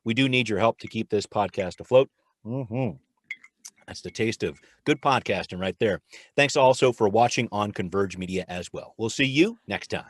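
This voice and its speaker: Male podcast host, casual joking chat, low voice, dry close mic. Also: brisk, no room sound. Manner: chatty, joking, talks while eating.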